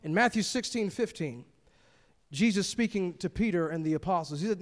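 A man's voice: sits high, lively intonation, normal speed, in a large hall. A man preaching a sermon, reading scripture and commenting on it in an emphatic, conversational way.

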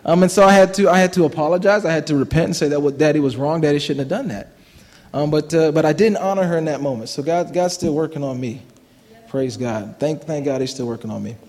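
A somewhat mellow, slightly high male voice talks fast as a man in his thirties gives his church testimony, with the hall's long reverb behind him. He pokes fun at himself in a conversational way, laughing a lot and starting sentences over.

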